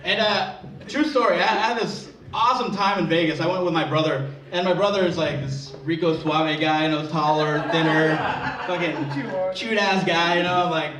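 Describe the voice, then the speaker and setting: A man's voice: on the high side, brisk, fairly bright tone. A young man performing a crude, self-deprecating stand-up routine, full of swearing, to a live audience. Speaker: stand-up comedian. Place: live comedy venue with audience. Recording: echoey room, distant mic, crowd laughter.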